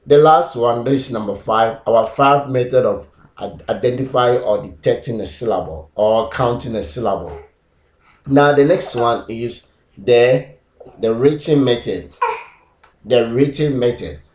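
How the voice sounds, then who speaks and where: A man teaching pronunciation, repeating example words slowly and syllable by syllable. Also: medium pitch, darkish tone. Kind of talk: classroom-style lesson. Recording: echoey room.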